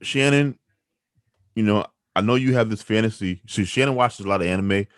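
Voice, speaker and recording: A man hosting a podcast, arguing his opinions in an emphatic, animated way. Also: lowish voice, normal speed, dry recording. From New York City. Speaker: podcast host.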